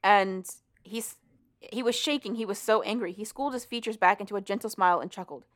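A woman co-hosts a podcast, recapping a book's plot in a loose, rambling way and swearing plenty. Her voice sits at medium pitch and moves a little fast.

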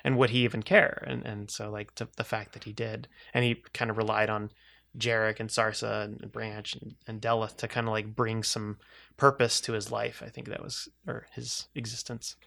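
A man's voice: fairly low pitch, flat delivery, moderate pace, gravelly, bright, forceful tone. A man chatting casually as a podcast co-host, rambling with frequent restarts and laughs. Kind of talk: casual chat.

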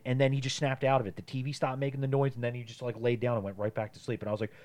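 A man's voice: mid-range voice, fairly even intonation, fast talker, a little mellow. A young adult man co-hosting a podcast, telling a personal story in casual, rambling chat with lots of fillers and swearing. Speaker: podcast co-host.

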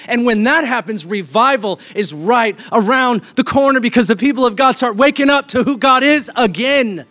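A pastor preaching a sermon with emphatic, repeated declarations. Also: male voice, very high voice, a little fast, hardly any pauses, a bit bright.

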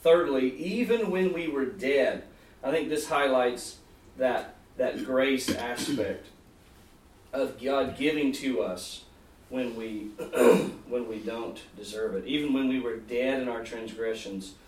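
A man's voice: medium pitch, slow pace, a little mellow. Earnest man preaching in a roomy hall. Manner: earnest, repeats key phrases for emphasis. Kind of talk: sermon. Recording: roomy, distant mic, faint ambience.

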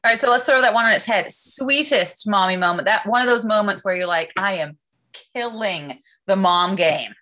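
A woman hosting a podcast who poses questions in a steady, matter-of-fact way during casual chat. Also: mid-range voice, moderate pace, a little hiss or hum. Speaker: podcast host asking questions.

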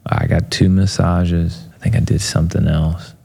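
Interviewed as a motivational speaker, this man tells loose, filler-heavy stories and performs other people's lines with animation. His voice is low-pitched, gravelly and a bit breathy, at a normal speed.

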